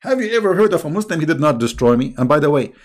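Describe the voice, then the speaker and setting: A man's voice: a little high, very animated, very fast. A middle-aged man hosting a casual online livestream, talking in a sarcastic, mocking way and chuckling often. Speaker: online religious debate host.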